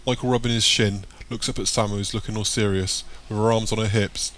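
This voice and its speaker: Guy narrating a story, lowish voice, steady read. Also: brisk. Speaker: audiobook narrator. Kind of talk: audiobook narration.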